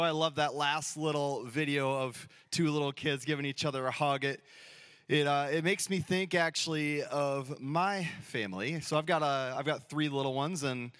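A man's voice: fairly high pitch, fairly bright tone, clean tone, no echo. Friendly storytelling male pastor, dry sound. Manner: casual, storytelling, acts out dialogue playfully. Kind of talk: sermon. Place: church sanctuary.

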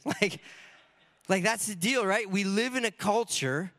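A man's voice: high-pitched, animated, unhurried, fairly bright tone. A man preaching a sermon in a casual, joking way, often asking rhetorical questions. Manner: casual, conversational.

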